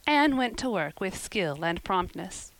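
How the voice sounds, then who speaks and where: A woman reads a story aloud in a steady, even manner, her voice sitting mid-range. The sound is dry and close, with no room around it. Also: mid-range voice, a little slow, dry recording, poor audio. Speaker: narrator. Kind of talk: audiobook narration.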